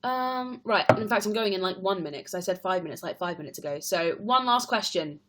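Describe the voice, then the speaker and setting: A woman's voice: medium pitch, brisk, noisy background. Chatty young Englishwoman on a live stream. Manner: chatty, laughs often, reads questions aloud. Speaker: stage performer live-streaming to fans. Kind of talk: casual live-stream chat answering comments.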